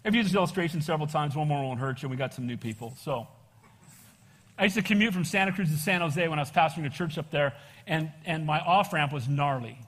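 A man pastor preaching a sermon, animated and casual, calling for amens and calling people "bro". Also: on the high side. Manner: casual slang, says "bro". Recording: long reverb of a church hall.

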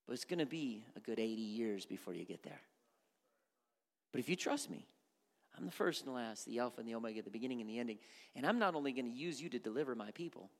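A man voicing God as calm and all-knowing, speaking softly and slowly. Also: mid-range voice, long reverb tail, close to an everyday voice. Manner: soft, slow and reassuring.

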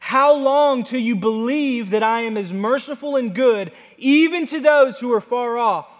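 A man voicing a patient, exasperated divine figure who coaxes gently while preaching. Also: very high-pitched, measured pace, long reverb tail.

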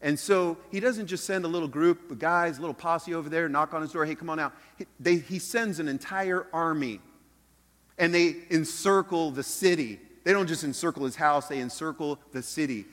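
A man preaching a sermon as pastor, earnest, dropping soft and then rising loud. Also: on the high side, normal speed. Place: church sanctuary. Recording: long hall reverb.

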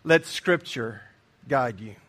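A man's voice: medium pitch, expressive, slow pace, fairly bright tone. A middle-aged man preaching a sermon, earnest and emphatic, often repeating his key phrases. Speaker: pastor.

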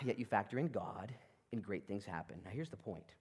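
A man's voice: medium pitch, expressive, fast talker. A man pastor preaching a sermon, telling the story with energy and acting out the people in it.

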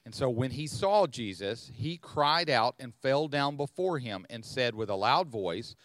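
A man hosting a podcast and teaching from the Bible. He speaks at a mid pitch, explaining things step by step and often pausing to rethink a phrase. The recording is close and dry. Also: expressive, fairly bright tone, no echo. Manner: explanatory, thinking aloud with restarts.

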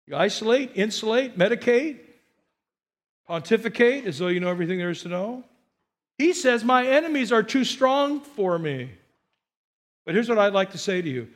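A middle-aged man preaching a sermon as pastor, animated, shifting from quiet asides to loud emphatic lines. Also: sits high, moderate pace.

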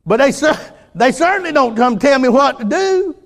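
An older man preaching a folksy sermon, restarting phrases and swinging from quiet asides to louder points. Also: extremely high pitch, expressive, moderate pace.

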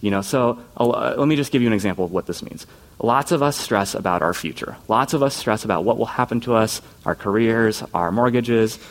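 A man's voice: fairly low pitch, a little fast. Earnest, casual male youth preacher. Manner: earnest and informal, often slips into quoted voices. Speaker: youth pastor. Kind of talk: conversational sermon.

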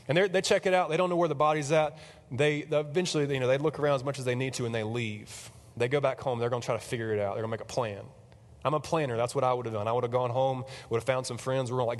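Chatty man preaching in a reverberant hall. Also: fairly high pitch. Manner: chatty and animated, lots of fillers. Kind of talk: casual sermon storytelling.

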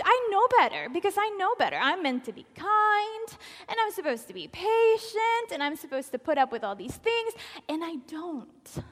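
A woman with a high voice delivers a sermon with animated, expressive energy. She acts out quoted lines and sometimes drops to a soft, almost whispered tone for emphasis. Her voice rings with a long reverb from a large hall. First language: Spanish.

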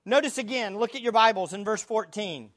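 A woman's voice: mid-range voice, fairly quick. A woman preaching a sermon, teaching from the Bible in an earnest, emphatic way and asking rhetorical questions.

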